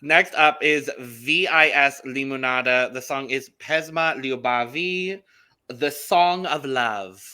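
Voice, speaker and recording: A man's voice: mid-range voice, takes it slowly, sharp tone, clear, resonant tone. A man co-hosting a casual podcast, chatty and upbeat, with frequent ums. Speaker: podcast co-host.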